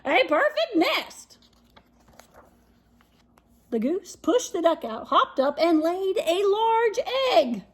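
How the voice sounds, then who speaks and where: A woman reading a children's picture book aloud, expressive, with dramatic pauses and whispered asides. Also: extremely high pitch. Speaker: story reader.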